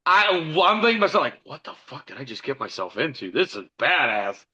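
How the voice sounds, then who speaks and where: A man's voice: a little high, sing-song, a little fast, pushed and bright, husky, highs cut off. A middle-aged man telling a rambling, profane story about his band and acting out the dialogue in a casual podcast interview. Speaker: podcast guest, musician.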